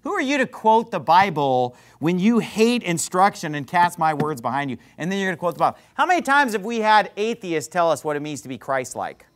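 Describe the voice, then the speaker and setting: Male pastor, sermon storytelling; high, very animated delivery, sarcastic and emphatic. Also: a little fast, hardly any pauses. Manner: emphatic, repeats words.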